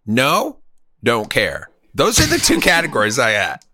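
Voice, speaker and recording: Podcast co-host, male, bright voice, very lively pitch, crude and jokey. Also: a little slow, no room sound, clean studio sound. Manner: crude, laughing, bursts into loud shouting bits. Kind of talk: casual chat.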